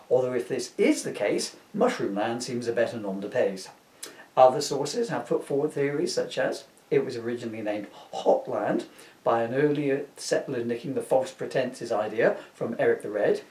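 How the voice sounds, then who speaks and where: A man's voice: medium pitch, a little mellow. A middle-aged man reading his own comedy book aloud, chuckling at his jokes and breaking off into chatty asides. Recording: roomy, distant from the mic.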